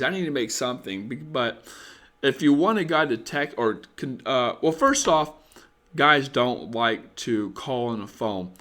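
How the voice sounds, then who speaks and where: A man's voice: mid-range voice, fairly bright tone. A young man sounds tired as he hosts a casual live stream. He talks bluntly and rambles, with plenty of swearing, moving from chatting with viewers to giving dating advice.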